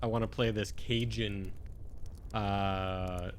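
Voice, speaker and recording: A man's voice: lowish voice, fairly even intonation, slow pace, slight background noise. A man co-hosting a casual podcast as a player; he laughs a lot and digs in stubbornly when he debates.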